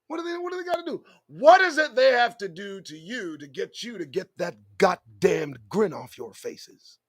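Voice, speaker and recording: Firing off rhetorical questions and swearing freely, this show host delivers a lively commentary monologue at a moderate pace. His voice sits high, captured in a dry recording.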